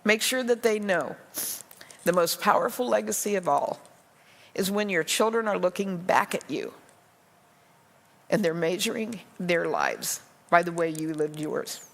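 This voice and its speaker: Older woman pastor, low voice, heartfelt conversational sermon, long hall reverb. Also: big pitch swings, a little slow, creaky. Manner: earnest, emotional, conversational preaching. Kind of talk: sermon to a women's group.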